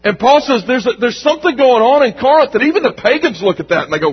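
A man's voice: extremely high pitch, very animated, fairly quick, breathy edge. A man preaching a sermon as pastor, emphatic and conversational, repeating phrases for weight, recorded in a church sanctuary. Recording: dull recording with long hall reverb.

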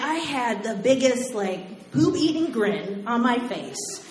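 Animated woman telling a story on stage. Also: on the high side, takes it slowly. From Oklahoma, US. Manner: animated, acts out voices and laughs. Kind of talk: live storytelling. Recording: roomy live venue, faint noise.

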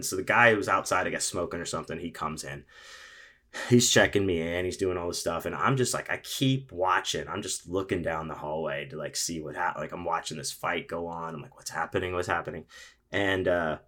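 A young man telling a long, animated anecdote in casual chat, with frequent fillers and swearing. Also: low-pitched, fairly quick.

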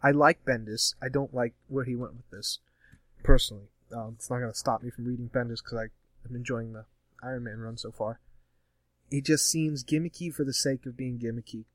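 A man's voice: medium pitch, fairly even intonation, fairly quick, no echo. A man in casual chat giving frank, opinionated commentary on comics. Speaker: comics podcast co-host.

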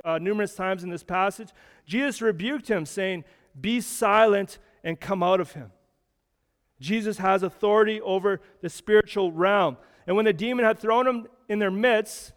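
A man's voice: high-pitched, moderate pace, long reverb tail. A man preaching a sermon as a pastor, explaining scripture in a conversational way with frequent restarts.

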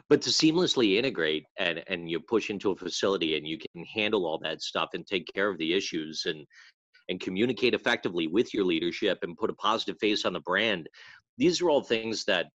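Low-voiced guy, bright tone, dry close sound, rambly easygoing podcast chat. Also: lively intonation, brisk, no echo, dull audio. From North Carolina. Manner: laid-back, rambling with restarts. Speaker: podcast co-host. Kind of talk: casual chat. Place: hotel room.

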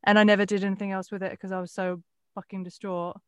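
A woman's voice: mid-range voice, quick pace, clear, resonant tone, no echo. Candid woman, dry close sound. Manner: candid, swears freely, lively storytelling. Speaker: guest. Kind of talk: casual chat.

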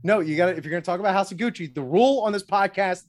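A man's voice: high-pitched, very fast, a crowd in the background. A man co-hosting a casual movie podcast, loose and joking, with frequent swearing. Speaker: podcast co-host. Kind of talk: casual chat.

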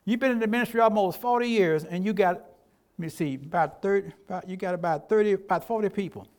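A man's voice: high-pitched, fast talker, darkish tone, natural voice. A man preaching a sermon while voicing the devil as a sneering, goading male tempter. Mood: taunting. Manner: mocking, goading.

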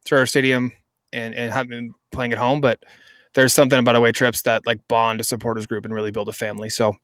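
A man's voice: mid-range voice, level tone, quick pace, fairly bright tone, no echo. A man co-hosting a casual podcast, talking enthusiastically and rambling with restarts. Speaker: podcast co-host. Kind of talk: casual chat.

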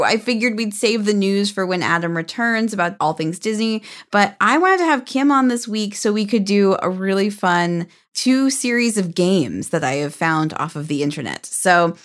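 A woman's voice: medium pitch, a bit bright. A woman hosting a podcast in casual chat, upbeat and teasing. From United States. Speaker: podcast host.

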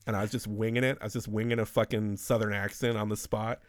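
A man's voice: fairly low pitch, flat delivery, fast talker, no echo, clean studio sound. A man in his thirties telling rambling, profane stories in a casual podcast chat.

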